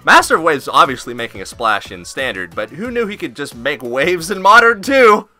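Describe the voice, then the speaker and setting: Man, casual commentary host, joking, lively pitch, very bright tone. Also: moderate pace, faint music behind. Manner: joking, swearing, goofy asides.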